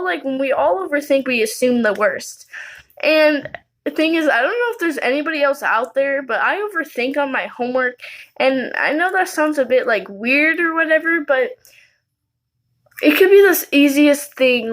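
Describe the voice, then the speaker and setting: Young female vlogger, high voice, rambling, filler-heavy, anxious self-talk. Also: expressive, normal speed, a bit bright. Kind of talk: casual to-camera talk.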